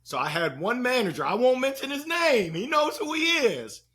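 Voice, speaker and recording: A man telling stories as a guest on an interview show, in a playful, slangy, animated way. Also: extremely high pitch, moderate pace, breathy edge. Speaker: guest, sales speaker. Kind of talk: energetic interview storytelling.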